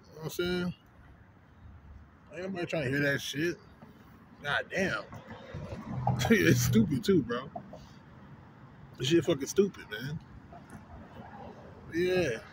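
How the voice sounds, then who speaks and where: A man's voice: fairly high pitch, expressive, slow, long pauses. A man vlogging into a phone, telling street stories in a profane, rambling way full of filler words. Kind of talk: casual rant to camera. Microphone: phone camera. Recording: loud vehicle noise behind.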